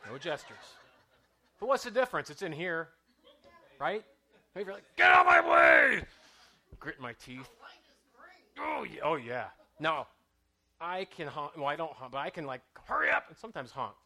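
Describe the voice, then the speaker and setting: A man's voice: on the high side, sharp tone. A man preaching a sermon in a conversational, self-mocking way, often checking in with "right?" and drawing out scripture lines for emphasis.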